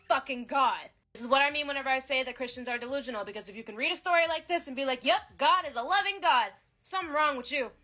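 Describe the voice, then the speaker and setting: A woman with a high, sharply bright voice, ranting in casual, swear-filled commentary. She sounds sarcastic and exasperated, like an ex-believer picking apart scripture for her series. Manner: ex-Christian skeptic. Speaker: host of a Bible-critique series.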